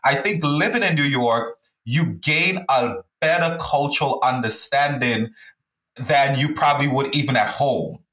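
A man with a mixed Caribbean accent hosts a casual podcast chat. His voice is bright and forceful, and the room behind it is echoey. He laughs easily and often cuts in with short reactions. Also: medium pitch. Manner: quick to laugh, interjects often. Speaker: podcast host.

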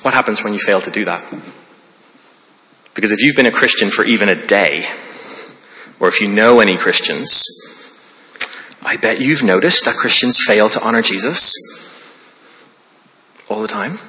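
Man, pastor, sermon, earnest, conversational, lowish voice, reverberant hall. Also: lively intonation, normal speed, long pauses, pushed and bright. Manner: earnest, conversational preaching with restarts.

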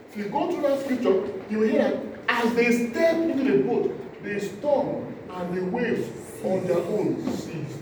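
A male preacher, delivering an impassioned sermon, acting out scenes and swinging from loud cries to low asides. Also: expressive, unhurried, few pauses. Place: church hall. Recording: echoey hall, distant mic, noisy.

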